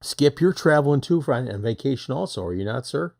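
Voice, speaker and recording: A man's voice: mid-range voice, expressive, a little fast, gravelly, darkish tone. A middle-aged man hosting a casual live stream, chatting in a folksy way and reading out viewer questions.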